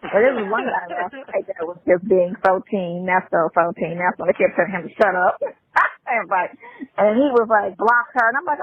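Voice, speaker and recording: A woman's voice: lowish voice, slightly rough, dry recording. A woman chatting casually and defensively on a call. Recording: tinny dry phone line.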